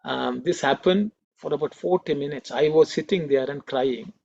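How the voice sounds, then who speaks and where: A man's voice: on the high side, normal speed, vocal fry, a little mellow, lo-fi sound. A man giving an earnest, emotional talk at a devotional gathering, telling a personal story with many fillers.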